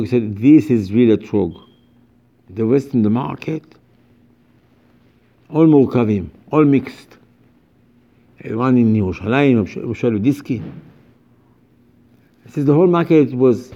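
A man's voice: medium pitch, muffled recording. A man giving an informal religious lecture as a rabbi, speaking emphatically and animatedly in broken English with many repetitions.

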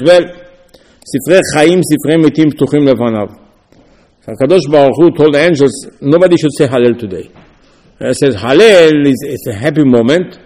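A man giving a Torah lecture as a rabbi, arguing back and forth through rhetorical questions in a lively, animated way. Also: on the high side, long reverb tail.

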